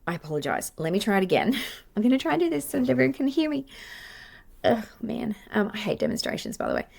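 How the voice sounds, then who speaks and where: A woman's voice: fairly high pitch, huge pitch swings, fast talker, gravelly, darkish tone, breathy edge. An Australian woman, a play therapist, hosting her podcast and teaching in a chatty, self-deprecating way with many fillers and restarts. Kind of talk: casual teaching monologue.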